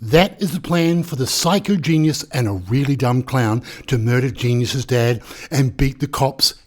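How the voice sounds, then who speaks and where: A man's voice: mid-range voice, moderate pace. Male true crime host, sarcastic and swearing, comedic narration. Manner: sarcastic and profane, addressing his viewers directly.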